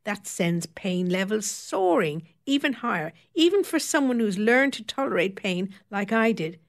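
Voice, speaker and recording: A woman's voice: mid-range voice, lively intonation, a little slow. A woman voicing a beautician in her fifties who speaks in a tart, sweetly cutting way.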